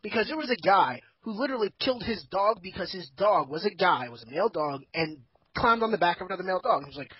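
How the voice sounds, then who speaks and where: A husky-voiced man holds court in a casual group chat, rambling and opinionated and cursing freely. The sound is dull and lo-fi. It's bone dry, with no room around it. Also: high-pitched, expressive, quick pace, no room sound. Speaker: podcast host.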